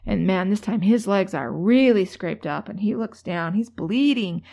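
A woman's voice: mid-range voice, unhurried, creaky. A woman giving a motivational talk, telling stories in a chatty way full of fillers and restarts. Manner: chatty, many fillers and restarts, lively when telling a story. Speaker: motivational speaker.

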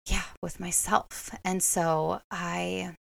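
A woman hosting a podcast, telling a personal story in a reflective, halting way with many fillers and restarts. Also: fairly low pitch, little pitch movement, creaky, fairly bright tone. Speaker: podcast host.

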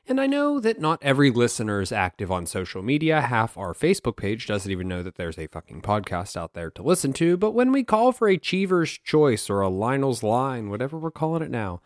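Guy hosting a solo history podcast, swears a lot, jokey, pitch all over the place. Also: sing-song, a little fast, few pauses, no room sound, studio quality. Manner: swearing, wry and self-mocking. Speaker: podcast host.

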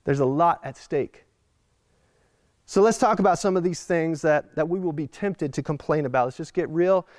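High-voiced pastor preaching a sermon. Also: male voice, normal speed, no room sound, clean studio sound. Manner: animated, acts out quoted voices.

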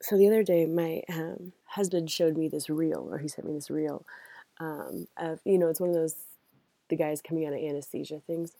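Woman podcast host just rambling on her airpods at a cabin, laughs a lot, mellow voice. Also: deep voice, fairly even intonation, moderate pace, vocal fry, no echo. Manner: chatty, rambling, laughs often. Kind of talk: casual reflective monologue. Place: family cabin.

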